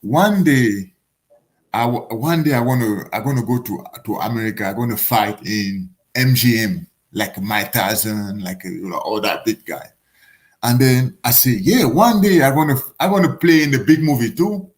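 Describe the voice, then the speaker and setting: A man's voice: mid-range voice, moderate pace. African guy in his 40s, boxer telling stories in broken english, acts out the voices. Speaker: guest boxer. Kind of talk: casual storytelling.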